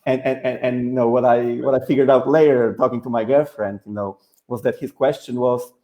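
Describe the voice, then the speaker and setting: A man whose first language is Polish hosts an online webinar in English. He tells stories in a loose, chatty way, peppered with "like". His voice is warm and mellow, at a middling pitch. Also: steady tone, a little fast. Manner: chatty, leans on "like". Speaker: host, school founder. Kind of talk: casual webinar storytelling. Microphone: video call.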